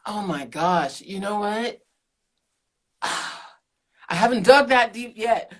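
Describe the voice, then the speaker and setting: A middle-aged woman, a keto coach and podcast guest, telling her story in an animated way, laughing often and acting out quotes. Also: medium pitch, slow pace. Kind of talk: casual interview chat.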